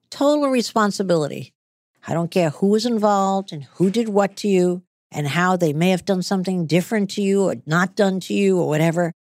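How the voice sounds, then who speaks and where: A woman's voice: fairly low pitch, creaky, a little mellow, no room sound, studio quality. A middle-aged woman hosting an advice show, blunt and emphatic as she coaches callers. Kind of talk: business advice talk.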